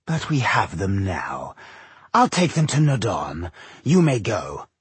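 A man voicing a malicious, cold male elf warrior who speaks slowly, softly and menacingly in an audiobook. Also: on the low side, wildly swooping pitch, breathy edge, no echo, heavily acted. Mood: coldly mocking. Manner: slow, soft and menacing.

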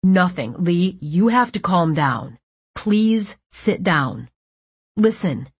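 A sleepy young man, as a woman narrator voices him, answering bewildered and earnest. The voice is soft and breathy, dry and close. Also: sits high, lively intonation, slow, no echo, heavily acted. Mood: pleading. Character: sleepy, rumpled young man, the calm one.

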